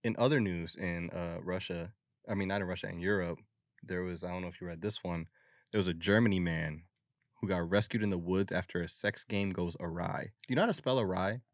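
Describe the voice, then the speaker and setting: Low-voiced man telling news casually. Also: fairly quick, dry recording. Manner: slangy, loose storytelling with many fillers. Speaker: podcast co-host. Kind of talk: casual chat.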